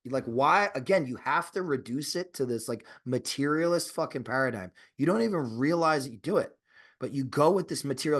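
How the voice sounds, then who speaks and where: Fairly quick and expressive, a man's medium-pitched, fairly bright voice carries his casual podcast chat as co-host. Profane and rambling, he restarts often, leans on fillers, and turns insistent and emphatic when pushing an argument.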